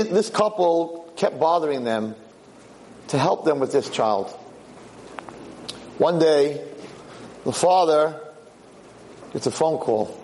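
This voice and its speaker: A male lecturer tells a story with lively delivery, acting out the voices of the people in it. His voice sits a little high for a man, with a faint hiss behind it. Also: low-quality recording. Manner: animated storyteller, acts out quotes. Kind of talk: sermon storytelling.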